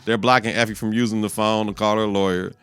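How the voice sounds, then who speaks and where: A man's voice: fairly low pitch, fast talker, smooth, no room sound, faint music behind. A man hosting a podcast, recapping a TV episode in a loose, profane way and acting out the characters' lines. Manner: profane, animated, acts out quotes in voices. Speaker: podcast host.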